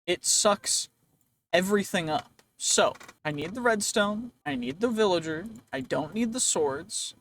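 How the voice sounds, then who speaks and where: A man's voice: sits high, expressive, unhurried, fairly bright tone, slight background noise. A man hosting a let's play, talking to himself in a rambling, playful way as he goes, his voice a bit worn. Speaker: gaming channel host.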